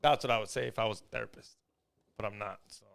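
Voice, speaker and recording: A man co-hosting a podcast, joking around in relaxed, slangy casual chat. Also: fairly low pitch, quick pace, creaky, smooth. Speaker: podcast co-host.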